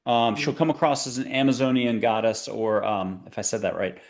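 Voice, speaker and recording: A man hosting a spiritual talk show, chatting in a rambling, animated way that jumps between ideas. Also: fairly low pitch, fairly quick. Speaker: podcast host.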